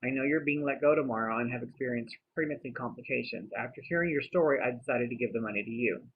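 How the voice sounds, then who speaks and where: Male vlogger, mid-pitched, diary-style narration with wry asides; lo-fi tinny audio. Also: fast. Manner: chatty, with wry asides to the viewer. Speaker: vlogger narrating his giveaways. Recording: tinny phone-like audio with faint hiss.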